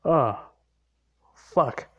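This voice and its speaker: Man, tired, slow drawling pace, rambling, lots of fillers, heavy swearing, casual story retelling. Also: a bit bright, lo-fi sound. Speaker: fan storyteller.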